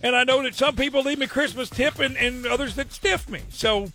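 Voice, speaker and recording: Radio host doing a nosy retired mailman, high and gravelly. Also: fairly quick, sharp tone, soft background music, heavily acted. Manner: rambling, hesitant, mock-aggrieved. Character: chatty nosy retired male mail carrier. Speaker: radio host pranking a caller. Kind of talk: prank phone call bit.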